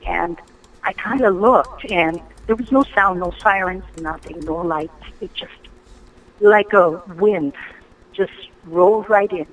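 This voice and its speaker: A woman caller telling a ghost story on a radio call-in show, lively and full of ums and restarts. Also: on the low side, slow pace, a little hiss or hum, poor audio. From Hawaii. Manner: animated storytelling, acting out her own quoted lines; hesitant, frequent ums and restarts.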